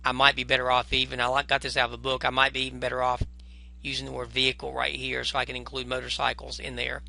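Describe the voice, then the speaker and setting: Bright, gravelly man teaching math. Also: mid-range voice, completely flat delivery, fast talker. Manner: chatty, self-correcting, apologetic asides. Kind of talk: recorded whiteboard lesson.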